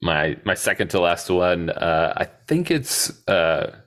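A man co-hosting a podcast in casual chat, laughing often and jumping into high squeaky voices to quote movie lines. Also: big pitch swings, slow. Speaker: podcast co-host.

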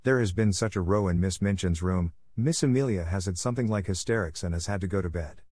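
A man's voice: deep voice, fast talker, darkish tone, husky, dry recording, clean studio sound. A man voicing an eager, gossipy schoolgirl.

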